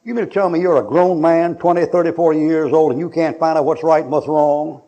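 Give me a man preaching a joking, blunt sermon with a dark, somewhat high voice. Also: fairly even intonation, a little fast, highs cut off. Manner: blunt, mocking, joking with the congregation. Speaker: pastor. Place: church.

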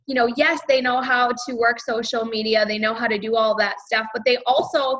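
Upbeat female team leader on a video call; bright, slightly high voice, lo-fi sound. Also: steady tone, fairly quick. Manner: upbeat, chatty, many fillers. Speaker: team leader hosting a sales training call. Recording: dull lo-fi video call audio.

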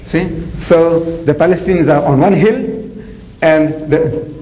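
A man preaching a lecture, animated and jokey, telling stories with acted-out voices. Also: fairly high pitch, a little slow, rough recording. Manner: animated, jokey, acts out characters. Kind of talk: lecture with dramatic storytelling.

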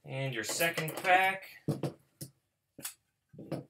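A man hosting a card pack opening, talking casually and mocking himself, who breaks into excited shouting. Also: a little high, drawn-out words, gravelly, noisy background. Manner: chatty and self-mocking, bursts into excited shouting. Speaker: host opening card packs for viewers.

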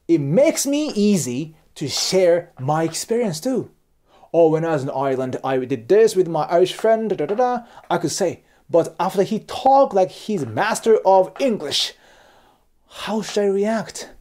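Japanese-accented male host, lively casual explainer, repeats questions to the viewer, swears casually. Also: high voice. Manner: animated, repetitive, keeps checking in with the viewer. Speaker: YouTube host and cross-cultural lecturer.

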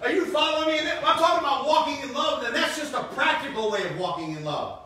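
With an extremely high pitch, lively intonation, and a sharp tone, this pastor in his fifties preaches quickly and emphatically, repeating phrases and tossing in jokes. The sermon is recorded in a church sanctuary, where the hall echoes and a distant mic adds faint hiss.

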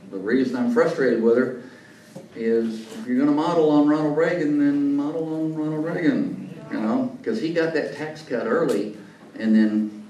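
In a meeting room, a man who is a journalist speaks as a guest at a lunch club, sharing anecdotes with folksy asides in a medium-pitched, darkish voice. The recording has an echoey room, a faraway mic, and some faint noise.

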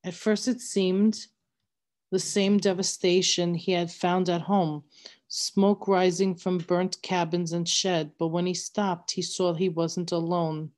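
A woman with a fairly low voice reads a novel aloud. Her narration is steady and measured, carrying the story along evenly. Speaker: reader.

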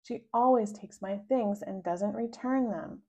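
A woman reading a children's book aloud, voicing the child narrator with sudden high, loud outbursts. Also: measured pace. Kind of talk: read-aloud storytelling.

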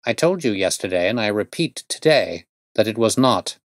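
Man playing stern assured detective, measured, precise, low-pitched. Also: expressive, no echo, studio quality, natural voice. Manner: measured, explanatory.

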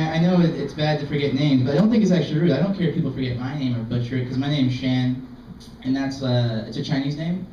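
A young man performing open mic stand-up comedy in a self-deprecating, halting, rambling way. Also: mid-range voice, distant mic, background noise. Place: small art gallery open mic. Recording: dull, echoey room recording from afar.

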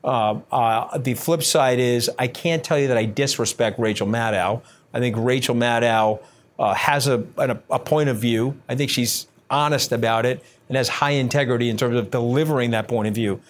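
A man's voice: medium pitch, fairly even intonation, moderate pace, a little hiss or hum. Brash, blunt man in an interview. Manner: brash and scathing, talks in bursts with many fillers. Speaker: interview guest. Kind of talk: blunt, combative interview answers.

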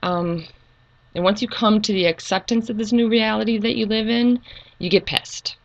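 A middle-aged woman talking earnestly and hesitantly in a personal video monologue, pausing with frequent ums. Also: mid-range voice, fairly even intonation, creaky, muffled recording. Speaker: YouTube channel creator.

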